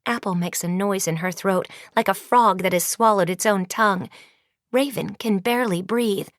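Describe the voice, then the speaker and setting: A woman reading a storybook audiobook in a measured, suspenseful way. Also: medium pitch, dry recording, clean studio sound. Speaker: audiobook narrator. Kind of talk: scripted storybook narration.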